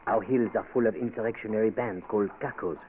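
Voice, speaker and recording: A smooth, cynical doctor, played by a male actor, ironic and polished. It is a thin, tinny old radio recording with a faint hiss behind it. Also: fairly low pitch, steady tone, quick pace, lightly acted. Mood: persuasive. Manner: suave, ironic, keeps saying monsieur. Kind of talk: 1940s radio acting.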